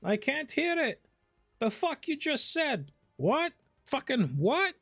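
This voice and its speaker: A man doing an impression of a confused Russian-accented soldier who keeps shouting the same question. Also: very high-pitched, big pitch swings, slow, no echo, faint music behind, voice pushed up, exaggerated voice. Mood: bellowing, baffled.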